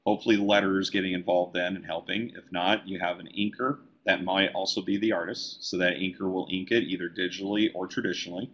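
Man, comic letterer and teacher, relaxed software webinar, very deep voice, muffled audio. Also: quick pace, few pauses, breathy edge. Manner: relaxed, talks while working on screen. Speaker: comic book letterer and design educator. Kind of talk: live software tutorial webinar.

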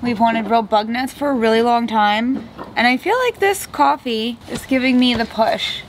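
A woman's voice: on the high side, moderate pace, a little hiss or hum. A woman vlogging in a casual, rambling way, often saying "like" and "I feel like" while the van gets worked on at her family's house. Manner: chatty, rambling, frequent "like" and "I feel like". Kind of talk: casual vlog chat.

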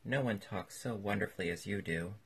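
A man reading an eager young gentleman. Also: fairly low pitch, fairly quick, vocal fry, breathy edge, exaggerated voice. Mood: pleading.

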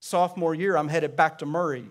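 Emphatic pastor preaching, higher voice. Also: male voice, steady tone, brisk. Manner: emphatic preaching, rising loud on key phrases. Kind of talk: sermon.

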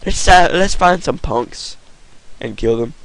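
A gaming commentator, a man with a cold, talks goofily and excitedly over his play. His voice is gravelly and swings widely in pitch. He talks slowly, and the recording is dry. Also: no echo, low-quality recording. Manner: goofy, excitable, yelps at the game. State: voice affected by a cold. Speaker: gaming YouTuber. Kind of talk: Minecraft gameplay commentary.

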